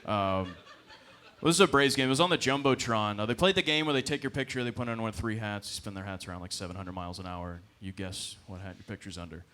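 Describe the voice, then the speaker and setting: A man's voice: fairly low pitch, fast talker, sharp tone. A young man telling a loose, profane stand-up story on a comedy club stage into a handheld mic.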